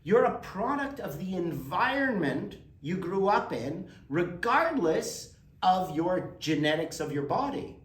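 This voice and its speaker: A man leads a motivational workshop, firing rhetorical questions at his listeners. His voice swoops lively between high and low. He is heard from some distance in a roomy space. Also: a little slow. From Quebec, Canada. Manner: animated, rhetorical questions to the audience. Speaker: workshop presenter.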